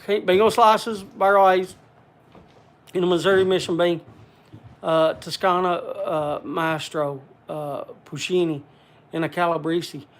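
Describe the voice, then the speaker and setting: In an unhurried, high voice with fairly even intonation, a livestream host reads out viewer names. His talk is rambling and filled with "uh," and he greets his audience individually by name.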